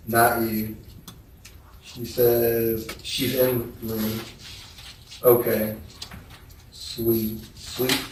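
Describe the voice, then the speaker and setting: A man on the witness stand reads messages aloud slowly, his delivery flat and unhurried. He sounds far from the microphone, with heavy courtroom echo around him. A faint hiss sits under the recording. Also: mid-range voice. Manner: slow, flat, measured reading. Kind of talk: courtroom testimony, reading text messages aloud. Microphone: distant courtroom microphone. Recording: echoey courtroom audio from far off with faint noise.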